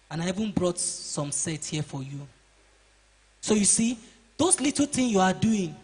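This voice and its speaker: A man's voice: high-pitched, breathy edge. A man giving a motivational seminar to boys, preaching, asking the class questions and acting out their excuses. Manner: preachy, asks the audience questions and acts out excuses. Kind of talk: motivational talk to teenagers. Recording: reverberant hall.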